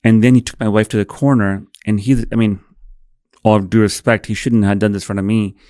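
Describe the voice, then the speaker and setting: A man's voice: fairly low pitch, little pitch movement, brisk, mellow, dry recording, clean studio sound. A man in his thirties, a podcast guest, telling an emotional story, acting out dialogue and swearing freely. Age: 30s.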